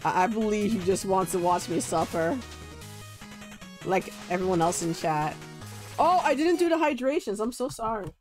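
A man's voice: high voice, lively intonation, normal speed, soft background music. A young man streaming a video game and chatting with his viewers, bubbly and giggly. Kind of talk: casual gaming stream chat.

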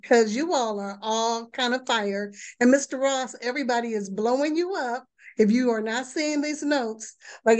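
A woman moderating a panel on a video call, brisk and friendly. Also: on the high side.

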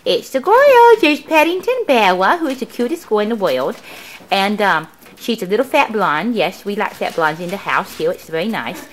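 A woman's voice: mid-range voice, big pitch swings, normal speed. A woman showing her guinea pigs in a casual home video at home, talking in cooing baby talk to her pets, filmed on a handheld camera. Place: indoors at home.

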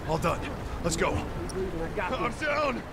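A man's voice: sits high, big pitch swings, slow, vocal fry, a crowd in the background, heavily acted. An actor playing a male soldier in a combat game, giving clipped battlefield callouts. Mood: terse callouts. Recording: in-game audio with loud background noise.

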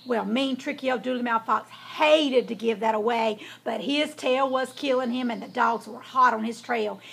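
A woman's voice: a little high, normal speed, gravelly, breathy edge. Folksy woman reading a storybook. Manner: folksy and lively. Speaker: storyteller host.

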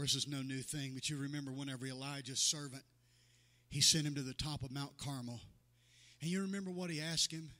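This male pastor's voice is a little high and sharp, echoing through a large church sanctuary as he preaches to the congregation. His sermon gains fervor while he performs the voices of people in his stories and names members directly.

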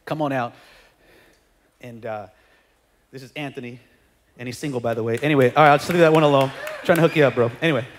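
A man preaching a sermon as pastor, energetic and conversational, with joking asides and frequent checks like "okay?". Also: mid-range voice, quick pace, long pauses, slight background noise. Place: church sanctuary. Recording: long hall reverb.

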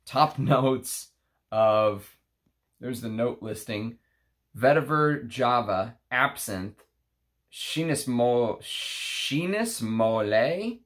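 A man's voice: mid-range voice, animated. A man with a Texas accent hosting a casual perfume unboxing vlog, rambling and talking to the bottles. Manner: slow, rambling, talks to the bottles. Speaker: perfume channel host.

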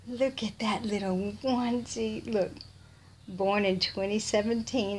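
A Texan-accented woman vlogger gushes over baby clothes in a casual unboxing, breathless with delight and often slipping into whispers. Her mid-range voice is unhurried with fairly even intonation, and there's slight background noise.

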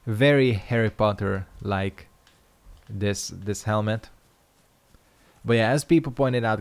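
A man's voice: lowish voice, creaky. A young man casually commenting on his own gameplay, swearing and joking to himself. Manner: swears freely, jokes to himself. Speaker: gaming video host.

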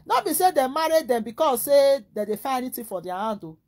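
A woman with a Nigerian Pidgin English accent, talking in a rambling, animated casual monologue full of rhetorical questions. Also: high voice, quick pace.

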